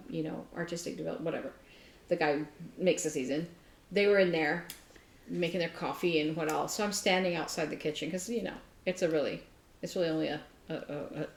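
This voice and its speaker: A woman co-hosting a casual crafting chat, telling a workplace story with lively asides and self-mocking laughter. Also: on the low side, vocal fry. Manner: animated storyteller, laughs at herself. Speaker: podcast co-host. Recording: roomy echo.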